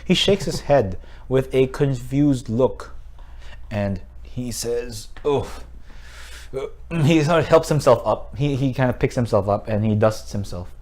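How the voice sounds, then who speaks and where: A man running a tabletop game on a stream, narrating in halting, self-correcting bursts. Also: medium pitch, a little mellow. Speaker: game master.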